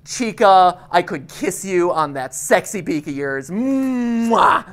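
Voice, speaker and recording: Woman streamer, lower register, playful running commentary. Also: expressive, unhurried. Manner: reactive, jokey, bursts into loud cheers. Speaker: game streamer. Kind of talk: live gameplay commentary.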